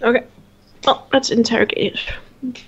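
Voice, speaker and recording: A woman's voice: fairly high pitch, steady tone, moderate pace, slightly rough, muffled recording. A woman playing a tabletop game online, talking casually and thinking aloud with hesitations. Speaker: player.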